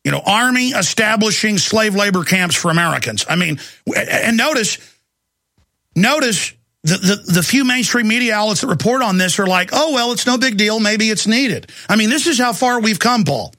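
A man's voice: high-pitched, lively intonation, moderate pace, bright, forceful tone, dry recording, studio quality. A man hosting a talk show, delivering an emphatic, alarmist rant. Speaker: talk radio host. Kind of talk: ranting commentary.

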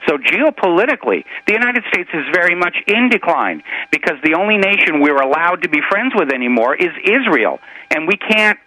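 A man's voice: sits high, very animated, brisk, sharp tone, no echo, rough recording. A man speaking as a guest on a call-in radio show, giving earnest, expansive political commentary.

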